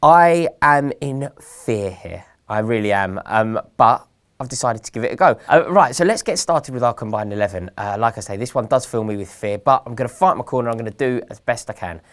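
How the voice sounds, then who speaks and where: Host, young man from England, mid-pitched, measured, dryly sarcastic football chat. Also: lively intonation. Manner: earnest, measured, gently sarcastic.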